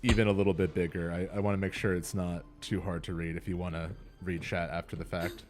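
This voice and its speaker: A man's voice: low-pitched, little pitch movement, fast talker, soft background music. A man hosting a let's play, chatting casually and laughing often with self-deprecating asides. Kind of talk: casual gameplay commentary.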